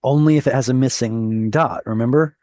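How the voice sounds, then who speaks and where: A man's voice: medium pitch, fairly quick, a little mellow, no room sound. A man teaching Hebrew in a live online reading class, patiently explaining and correcting pronunciation. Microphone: video call.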